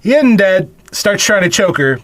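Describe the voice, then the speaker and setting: A man's voice: high voice, sing-song, normal speed, fairly bright tone, no room sound. A man co-hosting a podcast, recapping a film with wry, sarcastic asides and casual swearing. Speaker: podcast co-host. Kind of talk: casual film-review chat.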